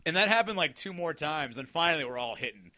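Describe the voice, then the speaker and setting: A man telling a long anecdote in casual chat, animated and acting out the people he quotes. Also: a little high, fast talker, no room sound.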